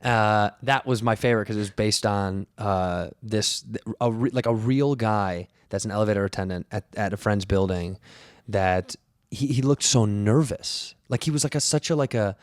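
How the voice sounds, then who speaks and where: A man's voice: fairly low pitch, normal speed, no echo, studio quality. A male comedian chatting casually as a podcast guest, rambling and acting out bits. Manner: animated, rambling, acts out bits.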